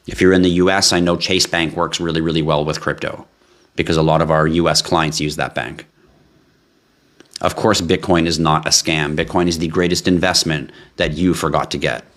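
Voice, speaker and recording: A man's voice: low voice, a bit bright. A man hosting a live crypto stream, chatting with viewers in a brash, joking, profane way and reading out their comments.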